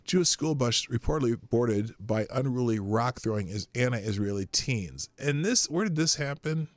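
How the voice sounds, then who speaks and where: A man's voice: mid-range voice, lively intonation, moderate pace, no echo. A man hosting a live stream in a casual chatty way, reading articles aloud and laughing often. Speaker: live show host.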